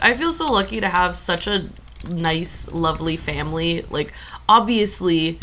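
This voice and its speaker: A woman's voice: on the low side, expressive, measured pace, a bit bright, a little hiss or hum. A young adult woman streaming a farming game, chatting casually in a rambling way with lots of fillers.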